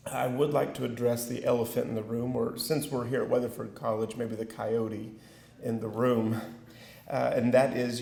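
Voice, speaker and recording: A middle-aged man with a country Texas accent gives a keynote, joking at his own expense and stumbling through fillers. His voice is gravelly and his pace is slow. He is heard through an echoey hall with faint noise underneath. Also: medium pitch, a little mellow. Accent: rural Texas. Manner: folksy and self-deprecating, with many fillers. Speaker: keynote speaker. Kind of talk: keynote speech with audience banter.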